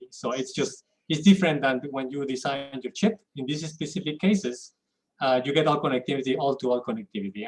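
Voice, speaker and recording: Male guest lecturer, mid-pitched voice, halting delivery full of restarts, technical lecture. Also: poor audio. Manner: halting, frequent restarts and repeated words.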